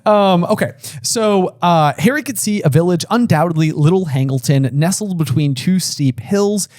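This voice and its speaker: A man's voice: high-pitched, normal speed, a little mellow, no room sound, studio quality. A man co-hosting a book discussion podcast, talking casually with lots of fillers and restarts. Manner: chatty, filler-heavy with many restarts. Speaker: podcast co-host.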